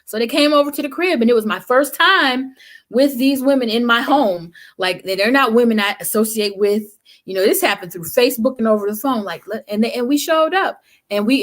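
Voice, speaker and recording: A woman's voice: a little high, fairly bright tone. A woman guest talking in an impassioned, emphatic, colloquial way, like a preacher. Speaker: guest speaker. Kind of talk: impassioned conversation.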